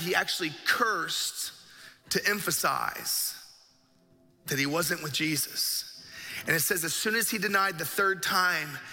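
A man's voice: high voice, sharp tone. A man preaching a sermon as a pastor, telling a story vividly and with emphasis. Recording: echoey hall with faint music.

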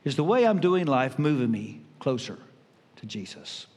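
An older man preaching a sermon as pastor, emphatic with dramatic pauses. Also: mid-range voice, very animated, a little mellow. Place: church sanctuary. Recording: reverberant church hall.

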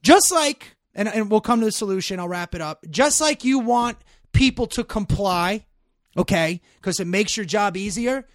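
A man's voice: sits high, animated, moderate pace, no echo, clean studio sound. A man in casual talk, speaking bluntly and profanely, rambling with many restarts and growing emphatic. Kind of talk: casual chat.

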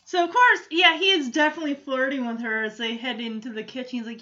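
A chatty woman recapping a sitcom, giggling and leaning on fillers as she talks. Her voice is high and bright, with a slightly dull, lo-fi sound. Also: fast talker, few pauses. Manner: chatty, giggly, lots of fillers like "like" and "you know". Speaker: show recap host. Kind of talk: casual episode recap.

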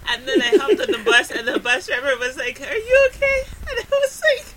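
A woman podcast co-host telling an animated story in casual chat, laughing often. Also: sits high, a little fast, over a noisy crowd.

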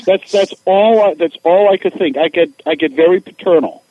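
Middle-aged male guest, animated raconteur, slightly high voice, lo-fi radio audio. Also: moderate pace, no echo. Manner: animated, acts out voices in anecdotes. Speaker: guest, author. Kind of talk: casual storytelling.

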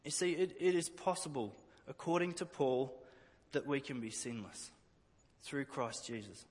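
A man's voice: medium pitch, expressive, measured pace, breathy edge, in a large hall. A man preaching a sermon earnestly, often repeating words as he restarts a phrase. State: emotional at times.

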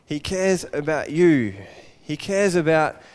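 A man preaching a Father's Day sermon, an animated storyteller who acts out the voices of his characters. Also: fairly high pitch, slow, clean tone, big-room sound.

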